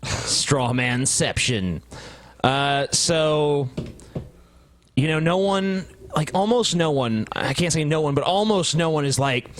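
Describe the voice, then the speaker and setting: A man's voice: a little high, expressive, takes it slowly, fairly bright tone. A man co-hosting a podcast, bantering and commenting on a video in a sarcastic, profane, rambling way. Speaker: podcast co-host.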